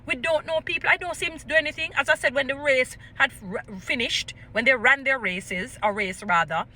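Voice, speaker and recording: A Jamaican woman vlogger with a high, bright voice speaks her opinions with passion. She slips into patois and restarts her sentences often, piling on point after point. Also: fairly quick. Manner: impassioned, mixes patois into English, many restarts. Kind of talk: opinion commentary vlog.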